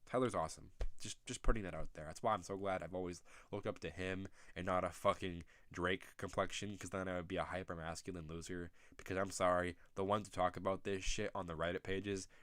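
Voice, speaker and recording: A young man hosting a casual commentary video, ranting sarcastically and profanely with sudden loud outbursts. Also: lowish voice, no room sound, studio quality. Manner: profane, rambling, sarcastic rants. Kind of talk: casual commentary reacting to pictures.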